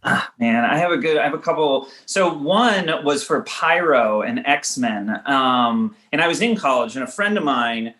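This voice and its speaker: Halting man thinking aloud. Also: mid-range voice, animated, pushed and bright. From Los Angeles, United States. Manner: halting, thinking aloud in self-deprecating stories. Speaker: writer-director guest. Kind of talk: conversational interview answers.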